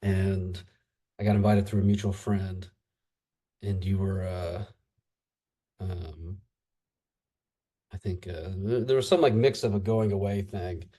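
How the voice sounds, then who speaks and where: A man in his thirties from the United States talks as a guest on a conversational podcast. His voice sits fairly low and has a mellow, dark tone. He talks in a halting way, stopping often for fillers and restarts as he recalls things. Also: steady tone. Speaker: interview guest. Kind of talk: casual conversation.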